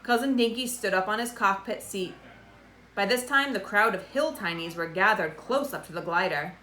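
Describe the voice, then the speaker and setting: A woman reading a children's storybook aloud, giving the dialogue lively voices. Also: mid-range voice, normal speed, slight background noise. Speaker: storybook reader. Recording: roomy echo.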